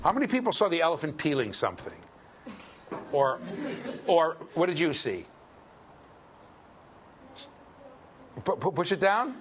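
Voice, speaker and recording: A man giving a university lecture, lively and joking as he quizzes his students. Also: fairly high pitch, measured pace, long pauses, slight background noise. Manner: lively, jokey, quizzes the class. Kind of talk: classroom lecture. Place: lecture hall.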